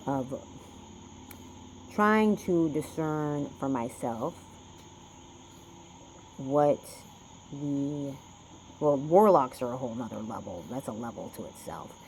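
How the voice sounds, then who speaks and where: A man's voice: mid-range voice, animated, slow, pauses often, darkish tone, a little hiss or hum, poor audio. A man rambling through a spiritual card reading, swearing often and lecturing his listeners. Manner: profane, preachy, talks to himself. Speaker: spiritual vlogger doing a reading.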